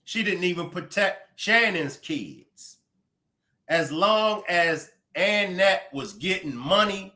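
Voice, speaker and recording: A man's voice: high voice, bright, forceful tone. A man hosting a commentary livestream, blunt and profane, scolding in heated outbursts.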